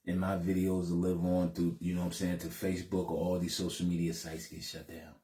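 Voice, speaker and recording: Laid-back male vlogger, low and warm, recorded in a roomy space. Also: monotone, a little fast. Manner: laid-back, says "man" at the end of most phrases. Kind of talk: casual direct-to-camera talk.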